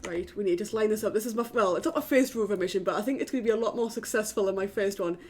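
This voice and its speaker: A young woman from the UK chats away to her live-stream viewers while she plays, loose and talkative, dropping the odd swear word. Her pitch sits in an ordinary middle range. Faint music plays underneath her voice. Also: very fast. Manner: chatty, casual swearing, talks to chat. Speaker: game streamer. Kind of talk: casual live-stream chat. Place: home in a flat.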